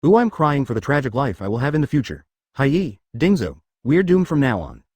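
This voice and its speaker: A man's voice: medium pitch, sing-song, brisk, a little mellow, no room sound. A man reading the lines of a lazy five-year-old ninja boy who whines about his future. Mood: self-pitying. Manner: whining, self-pitying.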